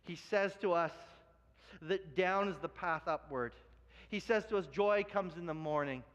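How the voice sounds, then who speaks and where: A man's voice: sits high, measured pace. A man, a pastor, preaching a sermon and acting out the voices in his stories. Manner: animated storytelling, acts out quoted voices. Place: church sanctuary. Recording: muffled church hall with long reverb.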